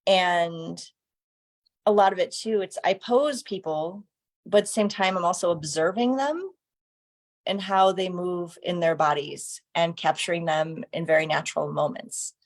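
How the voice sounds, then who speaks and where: A woman photographer talking as a guest, enthusiastic and laughing often as she acts out what people say. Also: fairly low pitch. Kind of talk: casual conversation.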